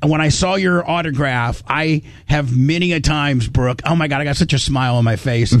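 A man's voice: on the high side, normal speed, dry recording. A man hosting a radio show, rambling and stammering as he reminisces on a call. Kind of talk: emotional radio phone conversation.

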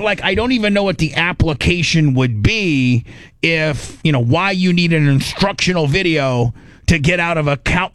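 A man's voice: fairly high pitch, a bit bright, no echo. A middle-aged man hosting a radio talk show, casually telling a story and acting out his own panicked inner voice. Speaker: radio host.

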